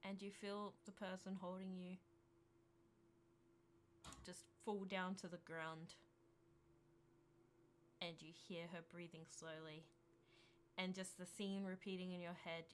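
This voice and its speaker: A woman narrating a tabletop role-playing game as game master, slow and hesitant, with restarts. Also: lowish voice, slight background noise.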